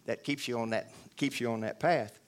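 A man's voice: mid-range voice, moderate pace. A man giving a rambling, earnest spoken testimony to a church audience, full of restarts and asides.

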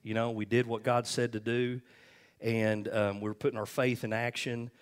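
A pastor preaches conversationally at a moderate pace, his medium-pitched voice flat in delivery. He tells personal stories and keeps asking the congregation "amen?" and "okay?" along the way.

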